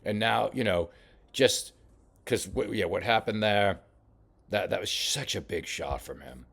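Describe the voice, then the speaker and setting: A man coaching a boxer while reviewing fight footage, talking casually with many halting restarts. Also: fairly low pitch, creaky, a bit bright, husky. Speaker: boxing coach. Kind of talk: film study commentary.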